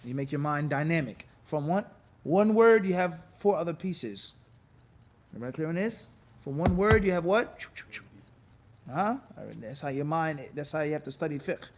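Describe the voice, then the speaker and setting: High-voiced man teaching a lively class. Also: normal speed, slight background noise. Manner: animated, quizzes class with repeated "what?" prompts; acts out quoted people in lively bits. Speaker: Islamic law teacher. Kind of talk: classroom lecture.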